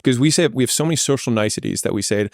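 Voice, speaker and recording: A man's voice: mid-range voice, very fast, gravelly, no room sound, studio quality. A man in a candid podcast conversation, talking in a blunt, plainspoken and reflective way.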